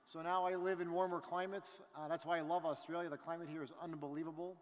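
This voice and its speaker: A middle-aged man from Canada giving an animated motivational talk on stage, telling stories with asides to the crowd. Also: a little high, quick pace. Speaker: business event speaker. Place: large event hall. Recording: reverberant hall.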